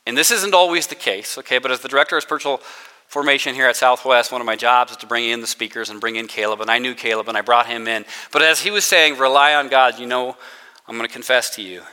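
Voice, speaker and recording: A man's voice: mid-range voice, fast talker, pushed and bright, clear, resonant tone. A man giving a casual, self-deprecating sermon to students as their spiritual formation director, mixing in playful sarcasm and acted-out quotes. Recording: long hall reverb.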